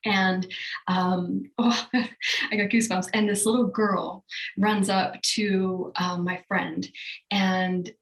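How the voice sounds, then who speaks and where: A woman's voice: medium pitch, little pitch movement, slow pace, creaky, roomy sound, low-quality recording. A woman speaking as a psychic medium guest, telling stories casually in a podcast interview, rambling with many fillers and restarts.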